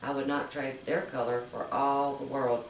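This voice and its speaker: A woman's voice: rumbling low, little pitch movement, normal speed, a little hiss or hum. A woman voicing a vain male raven in a storybook reading, speaking boastfully in her own everyday voice. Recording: roomy, distant mic.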